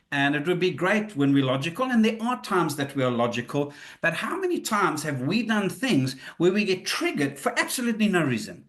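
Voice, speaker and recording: A man leading a webinar, speaking in a fairly high voice. He talks conversationally and acts out the questions and retorts he quotes, shifting his tone for each. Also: fairly bright tone. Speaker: webinar presenter. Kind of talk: live webinar talk.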